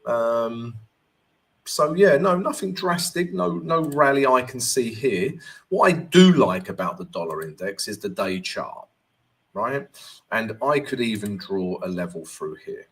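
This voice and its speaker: A man with a mid-range, expressive voice talks unhurriedly as a forex trading coach on a casual live stream. He greets viewers upbeat, reads their comments aloud, and walks through charts while answering.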